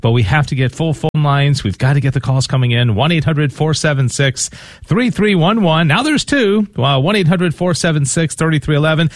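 A man's voice: on the high side, a little fast, no room sound. Upbeat man hosting a radio fundraiser. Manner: earnest and upbeat, with frequent fillers and restarts. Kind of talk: live Catholic radio fundraising talk.

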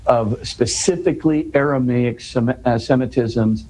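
In a low-quality recording, a male interview guest explains scripture in earnest conversation, his warm, medium-pitched voice moving a little slowly. He restarts and repeats words, tags points with "right?", and builds to emphatic questions.

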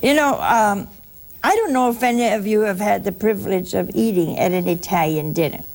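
A woman's voice: mid-range voice, a little fast, vocal fry, a little mellow. An older woman giving a folksy sermon to listeners, telling stories and acting out the voices of others. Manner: folksy storytelling, acts out voices. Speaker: preacher.

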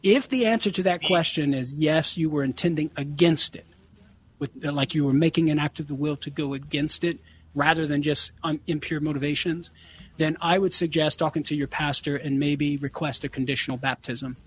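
A man's voice: a little high, normal speed, a bit bright, slight background noise. A man, earnestly explaining answers to callers on a call-in radio show and acting out bits of dialogue. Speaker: guest apologist answering callers.

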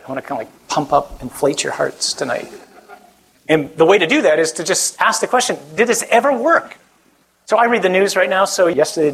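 A man's voice: on the high side, low-quality recording. A man, a Catholic priest, giving a conversational sermon, joking with the audience and putting questions to them.

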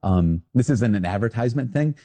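Priest dude chatting to camera, mellow low voice, jokes on himself a lot. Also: male voice, a little fast. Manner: animated, self-deprecating, talks to the viewer. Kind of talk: casual video talk.

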